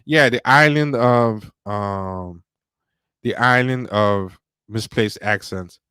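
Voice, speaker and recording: A man's voice: lowish voice, takes it slowly, sharp tone, smooth, no echo. A man hosting a livestream, rambling casually about movies with lots of fillers and restarts. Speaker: podcast host.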